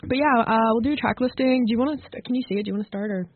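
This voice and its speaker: A woman co-hosting a college radio show, chatting casually and relaxed between songs while eating. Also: fairly high pitch, very fast. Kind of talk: casual on-air chat. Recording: dry, tinny lo-fi radio capture.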